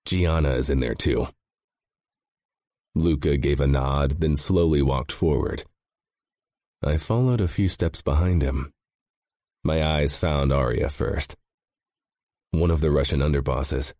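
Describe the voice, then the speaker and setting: A man's voice: a bass voice, dark tone, dry recording, studio quality. A man narrating a first-person audiobook with a grim, intense delivery.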